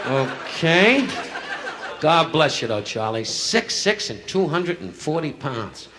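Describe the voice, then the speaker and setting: A male stand-up comedian doing insult comedy, firing brash, rapid jabs at audience members from a nightclub stage. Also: on the high side, sing-song. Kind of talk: insult comedy crowd work. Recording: live club recording, loud laughter, hiss.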